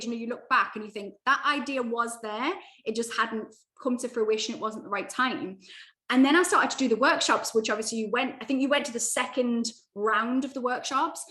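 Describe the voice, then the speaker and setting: A woman speaking as a guest in a casual interview, upbeat and animated, talking in quick bursts with frequent restarts. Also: a little high. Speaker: guest, mindset coach. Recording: echoey room.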